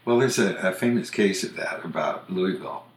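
A man's voice: low-pitched, animated, moderate pace. An older man hosting a podcast, explaining word pronunciations in a thoughtful, casual way with frequent fillers. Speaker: podcast host and usage author. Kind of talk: casual chat. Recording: roomy echo.

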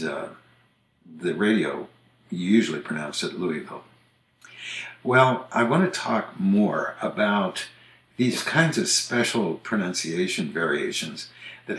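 A man's voice: deep voice, fairly bright tone. An older man hosting a podcast, explaining word pronunciations in a thoughtful, casual way with frequent fillers. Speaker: podcast host and usage author. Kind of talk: casual chat. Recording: roomy echo.

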